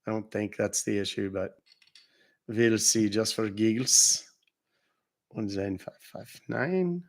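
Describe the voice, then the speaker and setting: A man with a lowish voice speaks slowly while hosting a casual live stream in which he calls scammers. He tells stories and jokes between calls and laughs at his own jokes.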